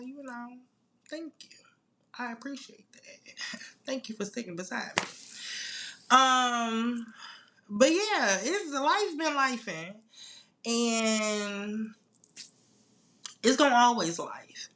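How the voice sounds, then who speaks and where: A young woman hosting her own podcast in a casual solo chat, playful, animated and full of slang. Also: medium pitch. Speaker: podcast host.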